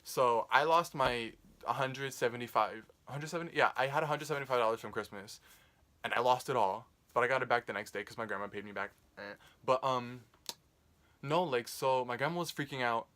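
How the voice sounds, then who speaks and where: A man's voice: mid-range voice, a little fast, bright, forceful tone. Rambling, foul-mouthed young man telling a story. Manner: rambling, profane, lots of "like". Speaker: vlogger. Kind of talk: casual storytime vlog.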